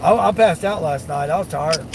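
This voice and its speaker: A man's voice: fairly high pitch, moderate pace, gravelly, noisy background. A delivery driver chatting casually on a live stream from inside his vehicle, rambling in a folksy way and chuckling often. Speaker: delivery driver livestreaming to chat.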